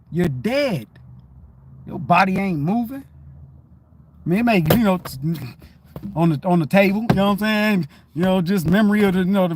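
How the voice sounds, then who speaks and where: Animated high-voiced man on a livestream. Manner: animated, profane, keeps asking "you know what I'm saying". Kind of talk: casual spiritual monologue.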